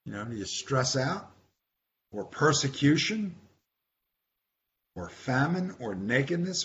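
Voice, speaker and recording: Man, Bible study teacher, unhurried and chatty, repeats himself, slight hiss behind. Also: medium pitch, fairly bright tone. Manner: conversational, repeats words, asks the group questions. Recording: dull lo-fi recording with faint hiss.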